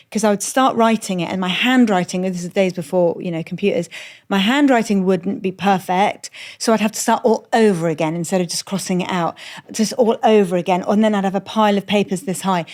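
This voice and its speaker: A middle-aged woman from Iran, a comedian appearing as a podcast guest, shares candid, self-deprecating stories and swears freely. Her voice is mid-range and a little mellow, and the storytelling chat takes place on a moored boat.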